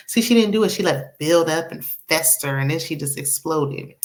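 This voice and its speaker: A woman host giving a sassy, chatty recap of a reality TV episode, with quick asides and laughs. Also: fairly low pitch, expressive. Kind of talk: casual recap commentary.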